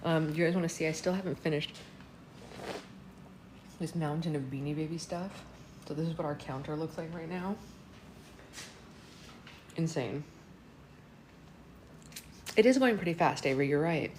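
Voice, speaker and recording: Low-voiced, chatty woman hosting a home book club stream; echoey room, faint background hiss. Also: steady tone, normal speed, long pauses. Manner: chatty, greets viewers by name. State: hiccups. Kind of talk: casual livestream chat and read-aloud.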